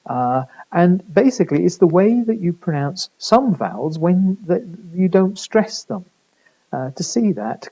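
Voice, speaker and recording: A man's voice: medium pitch, measured pace, dark tone, highs cut off. A male university lecturer giving a recorded lecture, explaining step by step in a patient way.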